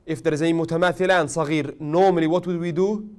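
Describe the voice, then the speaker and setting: A man teaching a tajweed class, questioning his students often and joking gently. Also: fairly high pitch, steady tone, racing, clean tone. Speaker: Quran recitation teacher.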